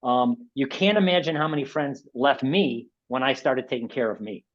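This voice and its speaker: A man's voice: mid-range voice, moderate pace, highs cut off. A man in his sixties from the United States presents a webinar in casual, rambling talk, often repeating and restarting words. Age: 60s.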